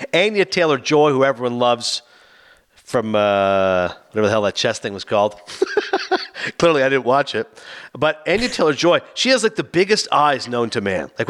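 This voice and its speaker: A man's voice: mid-range voice, a bit bright. A man co-hosting a casual podcast, reviewing a movie and acting out the characters' lines. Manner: fast, chatty, acts out quotes.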